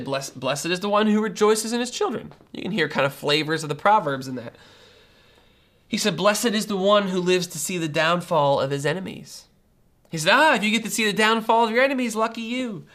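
Bright, high-pitched male preacher. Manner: animated, conversational preaching. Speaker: pastor. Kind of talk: sermon.

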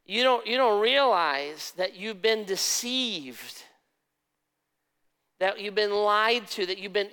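A preacher voicing Jesus, urgent and pleading. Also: male voice, high-pitched, fairly bright tone, clear, resonant tone, long reverb tail, pitched above the performer's own voice, heavily acted. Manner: urgent, pleading, raised and earnest.

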